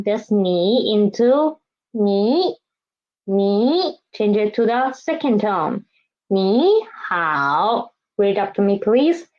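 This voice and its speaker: Slow, lilting woman teaching vocabulary. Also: a little high, a little mellow. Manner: repeats each word twice, drawn-out careful pronunciation. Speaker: Chinese language teacher. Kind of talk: slow classroom instruction with read-after-me drills. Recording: dull lo-fi recording.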